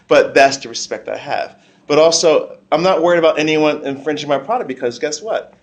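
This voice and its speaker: A man speaking on a convention panel as a comic book creator, blunt and animated, often repeating his words. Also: fairly high pitch, normal speed. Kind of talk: casual panel talk.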